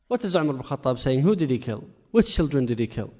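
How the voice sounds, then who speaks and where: A man telling a story as a sermon, animated and full of rhetorical questions. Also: fairly high pitch, fast talker, hardly any pauses. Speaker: preacher. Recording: echoey hall with long reverb.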